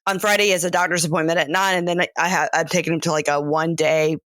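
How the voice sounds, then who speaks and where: A woman's voice: deep voice, steady tone, fast, fairly bright tone, dry recording. A woman in her thirties with a Southern US accent, co-hosting a podcast in casual chat, sounding tired and rambling, trailing off and restarting. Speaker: podcast co-host.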